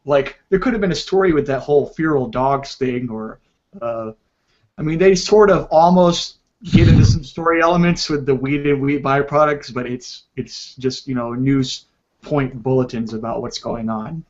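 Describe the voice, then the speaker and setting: A man's voice: mid-range voice, normal speed, a little mellow. A man on a podcast panel in a casual chat, critical and using lots of fillers like "like" and "um.". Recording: dull lo-fi podcast audio.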